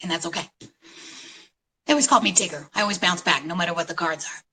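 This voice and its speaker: A middle-aged woman from New York City telling her story at a conference in an animated, storytelling way, with dramatic pauses. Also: on the low side, slightly rough, poor audio. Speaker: conference speaker. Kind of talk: inspirational talk.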